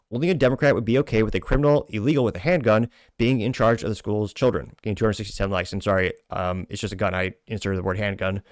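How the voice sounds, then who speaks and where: A man hosting a talk show, reading social media comments aloud with wry asides and quick self-corrections. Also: on the low side, dry recording, clean studio sound. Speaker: podcast host.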